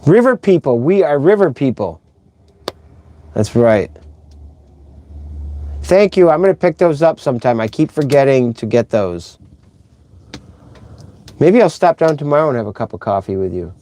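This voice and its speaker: A man's voice: mid-range voice, expressive, moderate pace, pauses often, dark tone. Chatty middle-aged man hosting a live stream. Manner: rambling, chatty, reads viewer comments aloud. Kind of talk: casual live stream chat.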